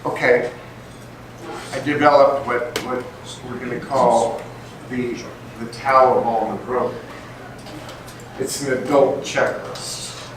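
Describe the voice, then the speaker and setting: An older man giving a storytelling talk to a group, animated and acting out the dialogue in his anecdotes. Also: mid-range voice. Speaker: guest speaker. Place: meeting room with an audience. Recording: echoey room, distant mic, faint noise.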